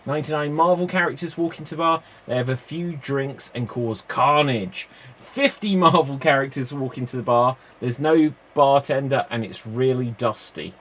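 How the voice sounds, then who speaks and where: A man hosting a live improv comedy stream, telling quick joke setups and calling on players by name with easy chuckles. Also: medium pitch, a bit bright. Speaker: improv show host.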